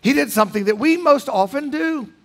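A pastor preaching in a church, emphatic, with dramatic swings between loud lines and hushed ones. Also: male voice, very high-pitched, expressive, a little fast. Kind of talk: sermon. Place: church sanctuary.

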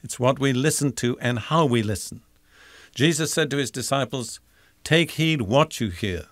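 An older man teaching the Bible in a deliberate, emphatic sermon style, repeating key phrases. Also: medium pitch, lively intonation, dry recording.

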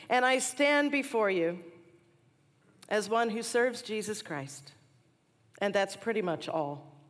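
Woman in her forties, chapel speaker with lively storytelling; long reverb from a big hall. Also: mid-range voice. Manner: animated storyteller, laughs at herself.

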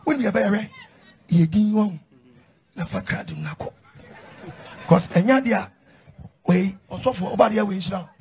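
A man preaching emphatically in a sing-song cadence, often shouting as a reader answers him. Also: high voice, moderate pace, gravelly, long pauses, breathy edge. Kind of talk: preaching with call-and-response.

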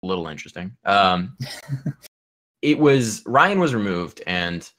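A man's voice: sits low, big pitch swings, measured pace, a bit bright. A man co-hosting an esports podcast from home, talking casually and thoughtfully, with many fillers and restarts. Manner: rambling, thoughtful, lots of fillers. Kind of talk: casual chat. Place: home room with air conditioner.

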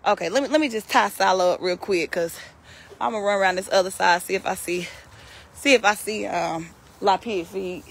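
A woman's voice: mid-range voice, moderate pace, gravelly, slightly rough. A woman calling and scolding her farm animals outdoors, as if they were naughty kids. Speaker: vlogger. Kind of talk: casual chat while calling farm animals.

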